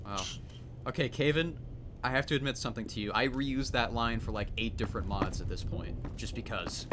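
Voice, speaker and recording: A man with a medium-pitched, brisk voice streams a game mod he made himself, with noise in the background. He chats casually over the gameplay, rambling, mocking himself and laughing at his own expense.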